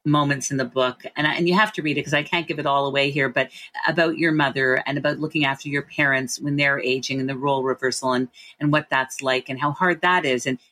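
A woman's voice: rumbling low, steady tone, pushed and bright. A woman hosting an interview, enthusiastic and full of admiring reactions. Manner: enthusiastic, gushing praise and quick reactions. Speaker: host, life coach.

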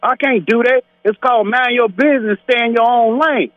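A man calls in and goes off on a passionate, preachy, rambling rant. His voice sits very high. It comes through a dull, muffled phone line. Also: fairly quick, dry recording. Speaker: radio caller. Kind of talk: fired-up call-in rant.

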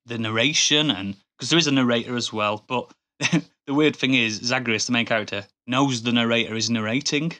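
A man's voice: mid-range voice, a little fast, few pauses, pushed and bright. A man co-hosting a podcast in casual chat, enthusiastic and rambling, often restarting his sentences. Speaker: podcast co-host.

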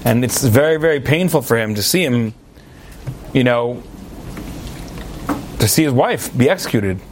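Male rabbi, sermon storyteller: lively, playful asides, leaps up in pitch for emphasis. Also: a little slow, a little hiss or hum. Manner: animated storyteller, jokey asides, sudden high emphatic swings. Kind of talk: sermon with a told parable.

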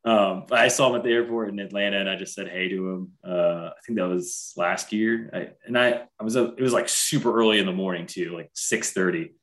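A man's voice: sits low, brisk, hardly any pauses, fairly bright tone. A man in his thirties, a wrestler, chatting casually and telling stories with lots of filler words. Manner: chatty storyteller, heavy on fillers like "like". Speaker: podcast co-host, wrestler. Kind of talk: casual chat.

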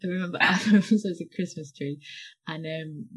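A woman's voice: deep voice, a little fast, husky. A woman improv performer chatting as a podcast guest, telling stories with lots of laughter and acted-out voices. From North West England. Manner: animated storyteller, laughs often, acts out voices. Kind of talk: casual interview chat.

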